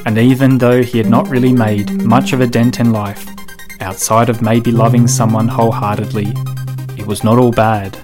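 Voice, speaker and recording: A man narrating a story in a measured, deliberate way. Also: mid-range voice, little pitch movement. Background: music.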